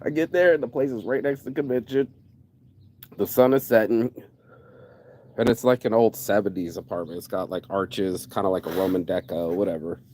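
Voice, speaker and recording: A man's voice: lowish voice, fairly quick, a little hiss or hum. A man telling a personal story in a casual rant, acting out both sides of the conversation and cursing freely. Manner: animated, acts out both sides of conversations, swears.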